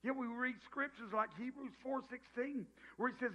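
A man's voice: very high voice, steady tone, moderate pace, bright, forceful tone. A middle-aged man with a Southern US accent preaching a sermon in a folksy, joking way, often restarting his sentences. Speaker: pastor. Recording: dull lo-fi sound.

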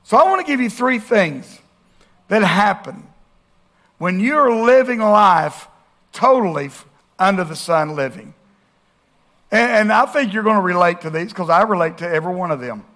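A male pastor preaching a sermon, asking rhetorical questions and swinging between loud and hushed. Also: high-pitched, lively intonation, moderate pace, long pauses.

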